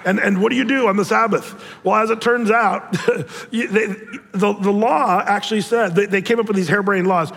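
A high-voiced man preaching with animated storytelling, jumping into little voices for the people he describes. His words carry a long reverb, as if spoken in a large hall. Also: normal speed, gravelly. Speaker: pastor. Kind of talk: sermon.

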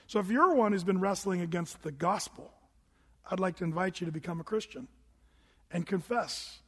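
A middle-aged pastor preaches in a church sanctuary, his notably high voice husky and his pace normal. His storytelling is animated, at moments building to shouts, while the hall's long reverb trails after his words.

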